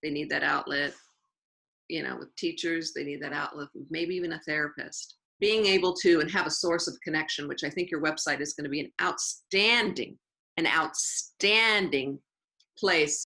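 A woman teacher telling stories in an interview, earnest and animated, with frequent restarts. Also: sits low, moderate pace, vocal fry, poor audio. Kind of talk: interview storytelling.

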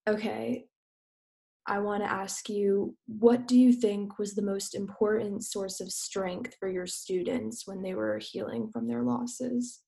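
A woman interviewer asks questions in a soft, personal way and shares her own experience. Her voice has a mellow, warm tone at a middle pitch. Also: animated, measured pace, creaky.

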